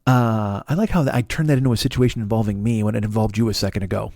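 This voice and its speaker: A middle-aged man doing a rambling, profane comedy monologue as a podcast host, full of restarts and animated rants. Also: lowish voice, fast talker, gravelly, dry recording.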